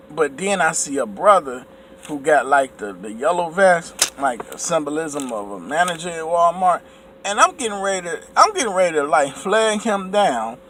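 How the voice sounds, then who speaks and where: A man telling a personal story to his viewers in a casual vlog, his voice a bit higher than most men's. He talks in an animated way and at times acts out his own raised outbursts. There is faint noise behind him. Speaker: vlogger.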